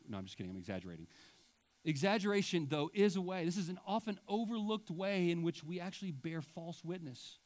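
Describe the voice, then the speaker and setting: A man's voice: sits high, lively intonation, a little fast, a little mellow. A male pastor preaching a sermon with emphatic delivery and wry asides.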